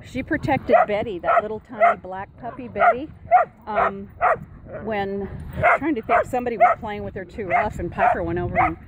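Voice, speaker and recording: A woman's voice: mid-range voice, sing-song, normal speed, lo-fi sound, very noisy. A woman giving casual running commentary while she coaxes and cheers on a pack of dogs outdoors, calling out to them in a sing-song voice. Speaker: dog walker filming a dog outing. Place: outdoors at a dog play area. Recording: outdoor recording with loud barking. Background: loud dogs barking.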